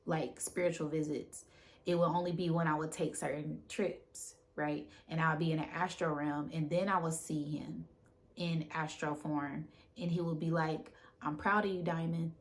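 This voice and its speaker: A woman with a notably low voice speaks casually and directly to her viewers about spiritual matters. She repeats phrases and keeps checking in with "right?", and she sounds emotional, close to tears. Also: flat delivery, normal speed. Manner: repetitive, often tags phrases with "right?". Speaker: spiritual content creator.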